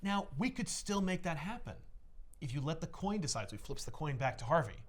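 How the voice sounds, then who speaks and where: Animated man retelling a story. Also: on the high side, a little fast. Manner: animated storytelling full of "like" asides. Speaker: podcast co-host retelling a comic story. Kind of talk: casual chat.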